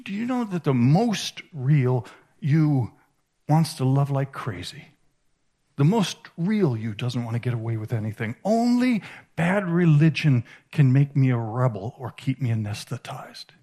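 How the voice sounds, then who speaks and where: A man giving a sermon as a conference speaker, animated and emphatic, swinging between hushed and raised delivery. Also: medium pitch, measured pace. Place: conference hall.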